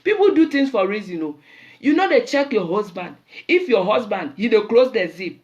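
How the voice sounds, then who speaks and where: Animated Nigerian woman telling stories. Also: mid-range voice, moderate pace, dull audio. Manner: animated storyteller mixing in pidgin. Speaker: show host. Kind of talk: casual talk-show monologue.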